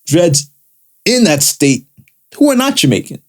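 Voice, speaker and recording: A man co-hosting a casual podcast, halting and repeating words as he thinks aloud. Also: a little high, sing-song. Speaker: podcast co-host.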